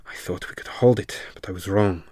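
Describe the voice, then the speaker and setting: A man voicing a hungry, predatory creature man with a sibilant hiss, speaking in a hushed, menacing whisper in an audiobook. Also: deep voice, fairly quick, no echo. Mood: urgent warning. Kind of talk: erotic horror audiobook reading.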